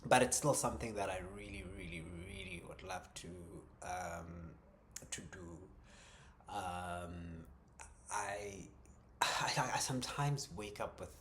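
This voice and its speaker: A man talking through a personal creative journal in a reflective vlog, hesitant, with many ums, restarts and soft chuckles. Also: sits low, expressive, takes it slowly, a little hiss or hum. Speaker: vlogger.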